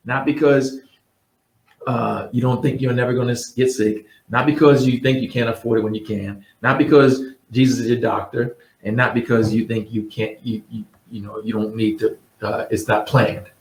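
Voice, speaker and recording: A man's voice: mid-range voice, a little mellow. Blunt, mocking male host. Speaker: host giving insurance advice. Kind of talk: casual talk to camera. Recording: roomy sound, mic at a distance.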